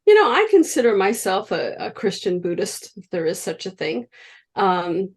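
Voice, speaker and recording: A woman's voice: medium pitch, moderate pace, breathy edge. A woman in her sixties, a guest healer, telling stories in an interview and acting out the voices of the people she quotes. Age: 60s. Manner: animated, acts out quoted voices. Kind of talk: storytelling in an interview.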